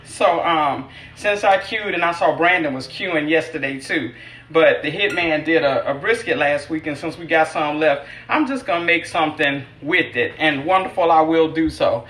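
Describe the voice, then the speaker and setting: A woman's voice: sits low, moderate pace. A middle-aged woman chef hosting a home cooking livestream in her kitchen, chatting with viewers by name and teasing herself as she cooks. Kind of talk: live-streamed cooking demo, casual chat. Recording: echoey kitchen with loud sizzling. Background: sizzling skillet.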